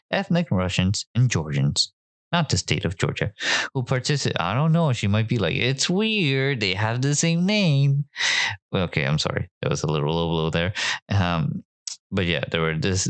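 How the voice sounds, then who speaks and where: Male podcast host with a low register and a dry, close sound, riffing sarcastically while reacting to clips. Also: clear, resonant tone, no echo. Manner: sarcastic, joking asides. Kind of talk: casual commentary reacting to clips.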